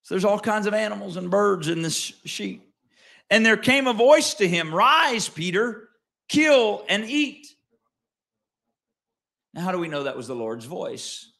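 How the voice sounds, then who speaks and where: Man, pastor, sermon, higher-pitched voice, dramatic loud-soft swings, talks straight to the congregation. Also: lively intonation, moderate pace, vocal fry. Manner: dramatic swings between quiet asides and loud emphasis; conversational, asks the congregation questions.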